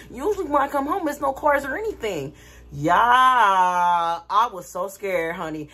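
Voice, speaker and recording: A woman's voice: medium pitch, moderate pace, husky. A woman vlogger talking casually to her viewers, telling a dramatic story with lots of energy. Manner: animated, dramatic retelling with laughter.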